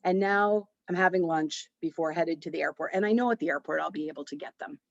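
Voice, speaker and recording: A woman hosting a podcast, telling a story in a chatty, animated way and acting out bits of dialogue. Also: low-pitched, quick pace, gravelly, no room sound, dull audio. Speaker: podcast host. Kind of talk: casual storytelling monologue.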